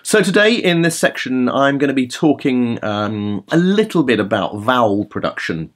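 A man in his thirties hosting a podcast as a vocal coach, talking in a relaxed, rambling way with plenty of fillers. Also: medium pitch, moderate pace. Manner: demonstrates sung vowel sounds. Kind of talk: casual podcast talk with vocal tips.

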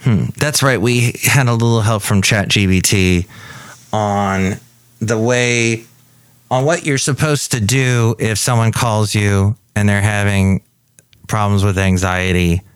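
A man's voice: fairly low pitch, fairly even intonation, slow pace, smooth, no echo. A man hosting his own podcast in a wry, chatty, self-mocking monologue. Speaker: podcast host.

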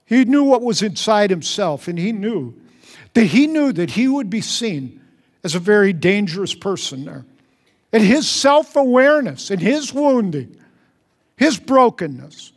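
A man preaching a sermon as pastor, earnest, repeating phrases and dropping softly for prayers. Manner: earnest, repeats phrases, drops to soft low tones for prayers. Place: large church hall. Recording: long hall reverb.

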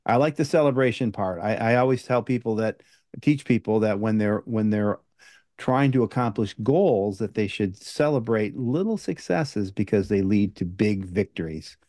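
An older man hosts the interview in a measured, reflective way, mostly answering with short nods of agreement. His tone is mellow and warm, recorded dry and close with little room sound. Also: lowish voice, animated, no room sound. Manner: brief affirmations, reflective and measured. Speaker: podcast host. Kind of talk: podcast interview.

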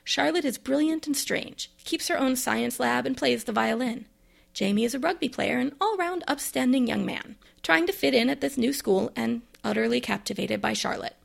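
A woman's voice: on the high side, moderate pace, creaky. A woman, a librarian, chatting casually about books she received, with bookish asides and enthusiasm. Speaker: librarian and podcast host. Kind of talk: casual book review monologue.

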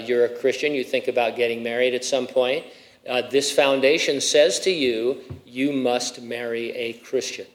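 A middle-aged male pastor delivers an expository sermon in a conversational way, full of asides and rhetorical questions. His voice sits at a middle pitch for a man. He raises his voice with emphasis whenever he reads scripture aloud.

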